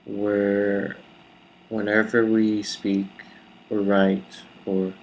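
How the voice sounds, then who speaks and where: A man giving a reflective solo talk to camera, explaining ideas in a slow, measured, deliberate way with pauses. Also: lowish voice, completely flat delivery, a little hiss or hum, poor audio. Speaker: video speaker.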